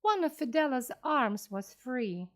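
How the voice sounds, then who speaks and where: Brief: woman narrator, slow graded-reader storytelling, bright lilting voice. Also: high voice, lively intonation. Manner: clear, careful reading aloud.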